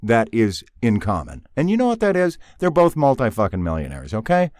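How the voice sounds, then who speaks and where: A man's voice: medium pitch, wildly swooping pitch, brisk, darkish tone, no echo, clean studio sound. A man co-hosting a comedy podcast, joking sarcastically in casual banter. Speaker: podcast co-host.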